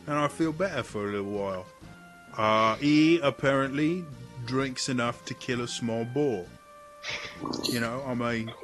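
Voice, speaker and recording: A man voicing a rough, blunt male tavern brawler with a Cockney accent, talking in a chatty, rambling way. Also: mid-range voice, fairly bright tone.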